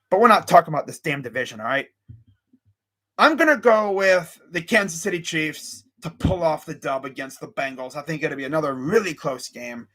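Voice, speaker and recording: A young man hosting a casual live-streamed sports show, talking his picks with excitable energy, sighing and laughing as he goes. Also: a little high. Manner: excitable, animated, lots of sighs and laughs; reads live chat while talking.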